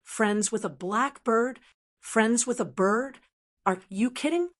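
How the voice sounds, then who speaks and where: A woman's voice: a little high, slow pace. A woman voicing a wry, amused young male martial hero in an audiobook, speaking in a teasing way. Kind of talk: audiobook character reading.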